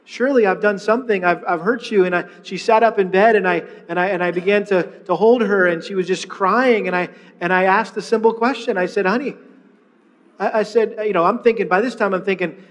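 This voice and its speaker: A middle-aged man preaching a sermon, telling a personal story with lively retellings and frequent restarts. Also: sits high, fairly quick, in a large hall. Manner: storytelling, animated, with many restarts. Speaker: pastor.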